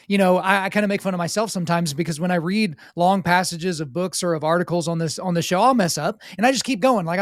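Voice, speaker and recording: Excited fast-talking male podcast host. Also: on the high side, no echo, clean studio sound. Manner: excited, energetic, self-described weak voice. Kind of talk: casual interview chat.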